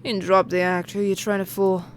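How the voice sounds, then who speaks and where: A woman's voice: mid-range voice, flat delivery, fast, slight background noise, natural voice. Woman reading as a smug cold commander. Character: cold scheming male commander, smug and menacing.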